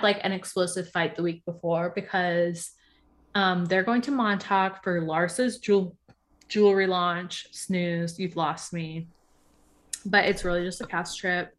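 A young podcast co-host with a lowish, fairly bright voice gossips casually while recapping a reality show. Her chatter is loaded with the word "like."

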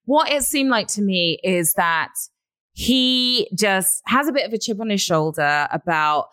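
A woman's voice: mid-range voice, lively intonation, measured pace, fairly bright tone, smooth, dry recording. English woman with a dry close sound. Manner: reads gossip items aloud, then gives blunt opinions. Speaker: host. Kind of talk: casual celebrity news chat.

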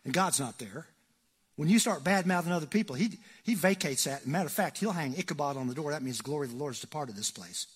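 Pastor, male, high husky voice, folksy joking sermon delivery with loud peaks and quiet asides. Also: lively intonation, quick pace. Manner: folksy, joking, swings between loud emphasis and hushed asides.

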